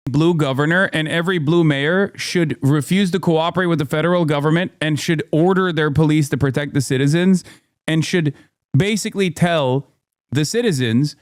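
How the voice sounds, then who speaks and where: A man reacting to the news on a live stream, ranting with heat and plenty of swearing. His voice sits fairly high for a man. The sound is dry and close, with no room to it. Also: normal speed, no room sound. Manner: heated, profane, animated ranting. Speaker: streamer and political commentator.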